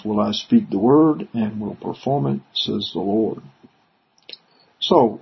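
A man's voice: mid-range voice, creaky, slightly rough. A man preaching, reading Bible verses aloud and then explaining them in a conversational way. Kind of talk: scripture reading and commentary. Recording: dull lo-fi recording.

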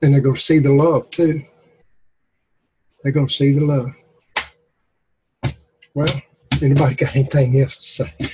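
A man, leading a group discussion and telling folksy, animated Bible stories. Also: mid-range voice, moderate pace, long pauses, a little hiss or hum, rough recording. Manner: animated, drawling, acts out stories. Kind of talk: folksy preaching and storytelling.

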